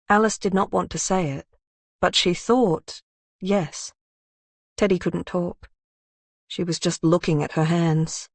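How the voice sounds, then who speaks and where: A woman narrating a crime thriller audiobook in an even, measured way. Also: fairly low pitch, no echo.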